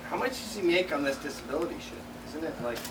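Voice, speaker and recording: A man's voice: fairly high pitch, animated, quick pace. A drunk man who talks in a pushy, needling way. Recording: distant mic with background noise.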